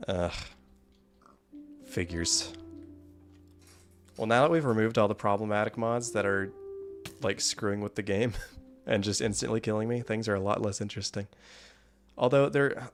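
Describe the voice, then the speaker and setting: A man's voice: fairly low pitch, steady tone, normal speed, long pauses, soft background music. A man giving casual, wry gameplay commentary, rambling and often laughing. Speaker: gaming YouTuber.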